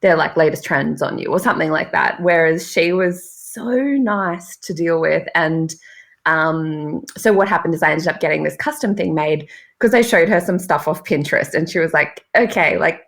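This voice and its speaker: A woman's voice: low-pitched, moderate pace, gravelly, a bit bright. A young Australian woman, a podcast guest, chatting casually and laughing often as she acts out quoted conversations. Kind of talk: casual chat.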